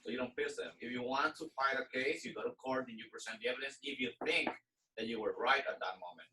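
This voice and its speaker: A man's voice: mid-range voice, quick pace, recorded from a distance, background noise. A man in a casual chat who explains his views in a matter-of-fact way.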